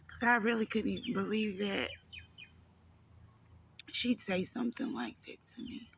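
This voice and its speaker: Woman, gravelly, halting personal storytelling, emotional, pauses often. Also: medium pitch, steady tone, fairly bright tone, slight background noise. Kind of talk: personal life story told to camera.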